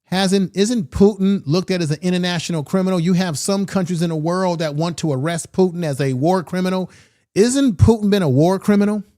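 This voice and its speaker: A man's voice: high voice, a little fast, warm tone. A man giving opinionated political commentary with emphatic delivery and repeated rhetorical questions.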